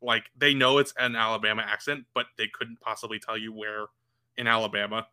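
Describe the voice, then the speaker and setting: A man on a casual movie podcast with a bright, forceful voice. He retells scenes in an animated way, laughing as he goes and acting out the lines. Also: on the low side, brisk, clear, resonant tone. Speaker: podcast co-host.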